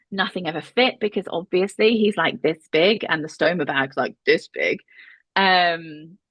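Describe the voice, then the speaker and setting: A woman's voice: fairly low pitch, no room sound. A woman tells a podcast host her story casually, laughing often, swearing and acting out other people's lines. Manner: lively, laughing, swearing, acts out voices. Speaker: podcast guest, mother.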